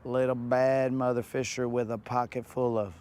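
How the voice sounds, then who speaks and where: A man's voice: mid-range voice, level tone, moderate pace, darkish tone, slight background noise. A man hosting a live fishing vlog from a boat on a lake, bantering in a laid-back, joking way. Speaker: fishing show host.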